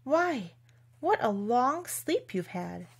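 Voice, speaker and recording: Brief: a soft-spoken, affectionate older sister, voiced by a woman reader. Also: a little high, big pitch swings, takes it slowly, vocal fry, husky, pitched above the performer's own voice, heavily acted. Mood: tender. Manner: gentle, soothing. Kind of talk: storybook reading.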